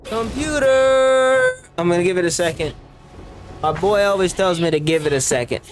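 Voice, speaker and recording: A man's voice: a little high, quick pace, over music. A man giving live gameplay commentary as a streamer, talking back at the game with profane, reactive trash talk.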